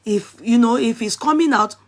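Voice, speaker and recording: A woman with a Nigerian accent talks straight to her viewers in a husky voice. She is animated and scolding, and she repeats herself as she drives her points home. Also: on the high side, moderate pace. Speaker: vlogger. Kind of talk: casual commentary.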